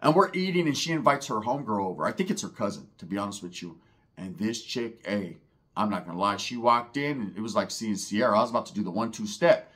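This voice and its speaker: A man's voice: fairly low pitch, animated, fast talker, a bit bright. A man telling a comedic story in a profane, slang-heavy, rambling way.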